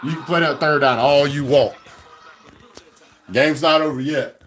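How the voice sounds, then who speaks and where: A man hosting a live fan reaction stream, excitable and trash-talking, speaking into a phone held at arm's length. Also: on the high side, a little slow, soft background music. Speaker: fan livestream host.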